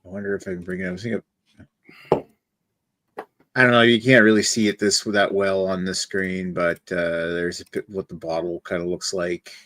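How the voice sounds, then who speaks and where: A man's voice: low-pitched, little pitch movement, normal speed, a bit bright, no echo. A man chatting casually on a beer podcast, talking through a can and its label. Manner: chatty, reads can copy aloud with a hammed-up Canadian twang. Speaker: podcast panelist reviewing beer. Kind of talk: casual chat.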